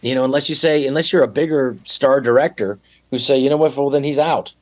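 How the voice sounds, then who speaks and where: A man talking as a podcast guest in a rambling, animated way, with frequent restarts. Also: mid-range voice, fast. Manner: animated, rambling, slips into mock accents. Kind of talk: casual podcast chat.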